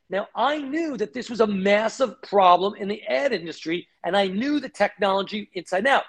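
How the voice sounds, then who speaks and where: High-voiced man telling stories fast. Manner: fast, animated, acts out quoted voices. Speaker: guest, company founder. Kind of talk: animated storytelling interview.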